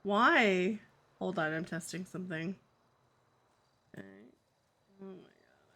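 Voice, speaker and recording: A woman's voice: lowish voice, slow pace, pauses often, sharp tone. A woman livestreaming, chatting casually to her viewers and muttering in frustration to herself. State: headache. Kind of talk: casual live stream chat.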